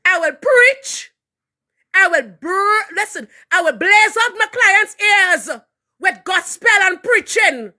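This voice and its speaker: A woman with a Trinidadian accent who is a minister, giving an impassioned live testimony with fervent, preaching delivery that rises to shouts. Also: extremely high pitch, lively intonation, takes it slowly. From Trinidad and Tobago. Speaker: minister and hairdresser.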